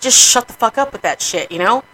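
Bright-voiced woman radio host, candid. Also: fairly high pitch, lively intonation, fairly quick, poor audio. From New Mexico, USA. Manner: candid, profane, emotional about grief. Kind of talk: casual radio talk.

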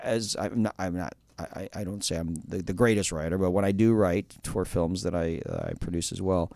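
A man's voice: low voice, big pitch swings, a little fast, gravelly, warm tone, no room sound. A man hosting an interview, talking casually with lots of fillers and restarts, enthusiastic. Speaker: interview host.

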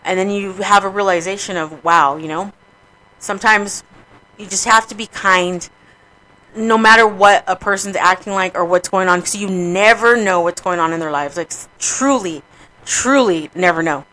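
Bright-voiced woman radio host, candid. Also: mid-range voice, normal speed, rough recording. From New Mexico, USA. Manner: candid, profane, emotional about grief. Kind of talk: casual radio talk.

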